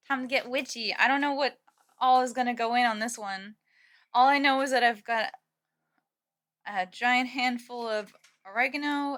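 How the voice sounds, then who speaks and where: A woman's voice: on the high side, sharp tone. A young woman live-streaming from home, chatting casually with viewers and laughing often. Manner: giggly, chatty, reads chat aloud.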